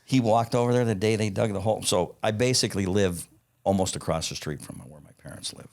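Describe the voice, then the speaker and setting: Man, 50s, very low voice, salty raconteur who chuckles as he tells stories. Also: quick pace, creaky, a little mellow. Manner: profane, blunt, acts out quoted dialogue; chuckles between lines. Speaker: podcast guest, parts company founder. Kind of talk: casual anecdotal storytelling.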